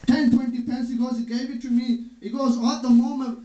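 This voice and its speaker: A preacher gives a religious talk at a hall or home gathering, telling stories and quoting other people's words. His very high voice is level in tone, a little fast, and mellow. The recording sounds dull, roomy, and distant.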